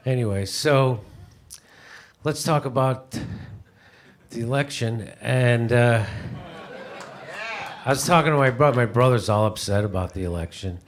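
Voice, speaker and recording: A man's voice: medium pitch, measured pace, pauses often, crowd noise. A man doing stand-up comedy, telling stories animatedly and mimicking his relatives.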